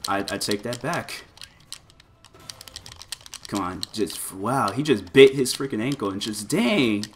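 A man giving loose, excitable commentary over his fighting-game play, full of exclamations and filler words. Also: on the low side, slow, long pauses, slight background noise. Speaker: gameplay commentator. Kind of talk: casual gameplay commentary.

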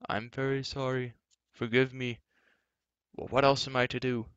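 A man's voice: mid-range voice, little pitch movement, normal speed, a bit bright, smooth, dry recording, lightly acted. A man voicing a whiny shrunken male giant who snivels and pleads, in a storybook reading on a dull lo-fi recording. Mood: pleading. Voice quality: sniffling, whining.

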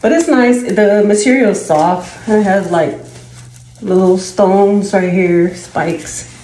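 A woman's voice: mid-range voice, takes it slowly, warm tone. A woman, chatting casually and rambling a little as she tries on jackets for a video haul, giggling at her own asides. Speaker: vlogger. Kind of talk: casual try-on haul chat. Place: home room at dusk. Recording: echoey room with faint ambient noise.

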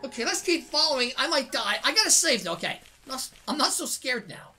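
A woman from Canada hosting a let's-play, excitable and laughing as she chats to viewers. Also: high-pitched, brisk. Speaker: gaming channel host. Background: faint game music.

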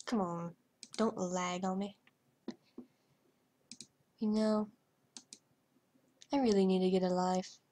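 Young woman, gaming vlogger, hyper and rambling, slow talker, stutters and trails off, casual commentary. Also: medium pitch, steady tone, warm tone, a little hiss or hum. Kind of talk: casual commentary over gameplay.

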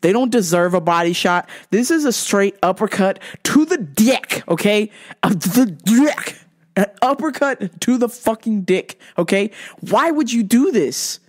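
A woman hosting a podcast, ranting in a heated, profane way that swings between yelling and muttering. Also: medium pitch, expressive, measured pace. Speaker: podcast host.

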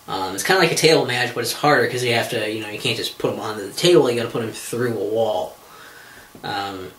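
A man's voice: fairly low pitch, fast, a bit bright, slight background noise. A man hosting a podcast, rambling through a comedic monologue with lots of swearing, fillers and restarts. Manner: profane, exasperated, many fillers and restarts. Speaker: podcast host. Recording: roomy echo.

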